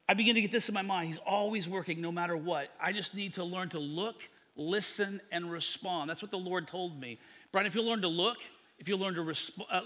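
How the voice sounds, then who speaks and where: A man's voice: high-pitched, pushed and bright, big-room sound. A man preaching a sermon, telling a story with acted-out dialogue and laughter.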